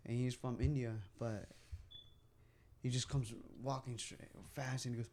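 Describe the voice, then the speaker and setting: A man in his twenties, co-hosting a podcast in a small room, tells stories with lots of swearing and animated bursts. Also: mid-range voice, unhurried, a little hiss or hum. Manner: animated storyteller, heavy swearing. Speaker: podcast co-host. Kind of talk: casual chat. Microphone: podcast mic at a table.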